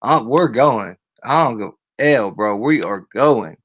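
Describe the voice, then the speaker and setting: A man's voice: mid-range voice, animated, slow pace, a bit bright. A man hosting a live stream, ranting casually and profanely and greeting his chatters by name.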